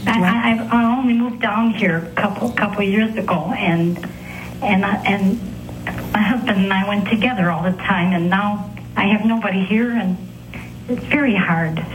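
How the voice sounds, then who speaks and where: A woman's voice: mid-range voice, normal speed, slight background noise. An older widowed woman calling in on a phone line, hesitant and stammering, close to tears. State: tearful, halting. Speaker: caller.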